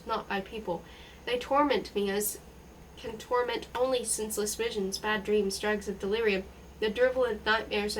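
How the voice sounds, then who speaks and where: A woman reading a novel aloud in an unhurried way, now and then stumbling and restarting words. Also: a little high, distant mic, a little hiss or hum, rough recording. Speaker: audiobook reader.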